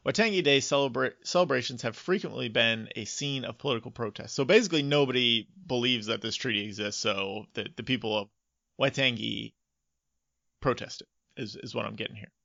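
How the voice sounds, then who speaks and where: A man co-hosts a casual podcast from home, reading through his research and dropping dry asides between facts. His voice has a gravelly, bright edge, and the recording is dry and a little dull. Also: mid-range voice, dry recording. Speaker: podcast co-host. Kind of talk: casual chat reading notes. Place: home office.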